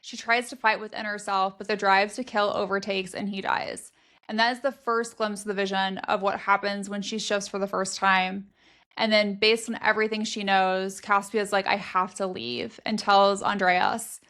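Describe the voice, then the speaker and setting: Steady young woman summarizing a plot. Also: mid-range voice, moderate pace. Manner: steady, matter-of-fact summarizing. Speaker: podcast co-host. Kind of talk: casual book recap chat.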